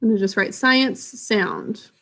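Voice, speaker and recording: A woman teacher giving a classroom science lesson, explaining slowly and patiently to children. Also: mid-range voice, a bit bright.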